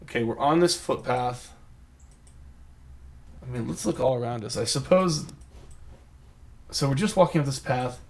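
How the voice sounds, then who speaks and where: A man talking himself through a geography guessing game as he plays. He rambles, thinks out loud and pokes fun at his own cluelessness in a loose, casual flow. His voice sits at a middle pitch for a man. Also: normal speed, gravelly, pauses often. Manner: rambling, thinks aloud, self-mocking. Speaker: game streamer. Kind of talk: live gameplay commentary.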